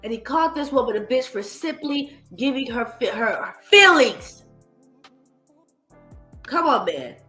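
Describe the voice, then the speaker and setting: Blunt, high, bright-voiced woman commentator. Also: a little slow, pauses often, reverberant, soft background music. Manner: blunt, animated, profane, mocking impressions. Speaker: streamer commentator. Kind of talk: reaction commentary.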